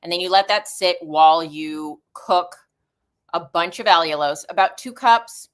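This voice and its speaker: A middle-aged woman hosts a live stream, chatting casually into a camera mic in a rambling, stream-of-consciousness way. Her voice is on the low side and a little slow.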